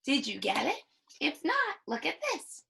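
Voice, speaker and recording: A woman teaching a young child to read, slowly sounding out words and patiently guiding each line. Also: sits high, sing-song, vocal fry, a bit bright. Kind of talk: early reading lesson for young children.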